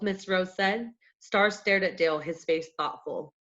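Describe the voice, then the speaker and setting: A woman reads a storybook aloud in a plain, steady way, her voice on the low side. The recording is dull and lo-fi. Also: measured pace, few pauses. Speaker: audiobook reader. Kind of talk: storybook read-aloud narration.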